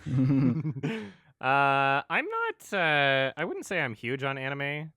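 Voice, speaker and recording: A man co-hosting a casual podcast, his voice bright and clean with a crisp edge. He sounds relaxed and laughs easily, and he often trails off into fillers. The mic is close and dry. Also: mid-range voice, slow, no echo. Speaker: podcast co-host.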